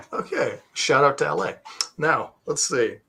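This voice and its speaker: A man's voice: a little high, creaky, bright, forceful tone, slightly rough. A man hosting an online talk show, English not his first language, rambling and joking at his own expense. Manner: joking, rambling, self-deprecating. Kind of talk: casual interview chat. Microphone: video call.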